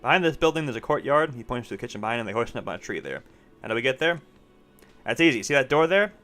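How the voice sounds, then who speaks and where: A man voicing an irritable, defensive cafeteria manager who argues back quickly, with faint game music behind. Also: mid-range voice, sing-song, a bit bright. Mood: brisk.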